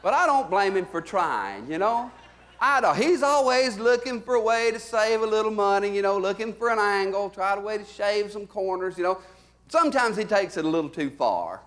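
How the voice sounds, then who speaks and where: A male comic with a Southern US drawl and a high-pitched voice, telling homespun stories live from a theater stage. He leans into his punchlines loudly, then drops to low, quiet asides. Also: lively intonation, normal speed. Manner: folksy drawling storyteller, swings between loud and low. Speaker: stand-up comedian. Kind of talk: live stand-up storytelling.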